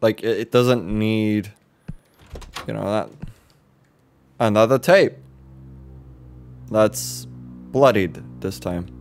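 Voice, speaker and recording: A man with a fairly low voice hosts a let's play. He banters loosely, cracks jokes and drops the odd swear as he reacts to what happens on screen. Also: soft background music. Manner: jokey, swears, quick reactions. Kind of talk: casual gaming commentary.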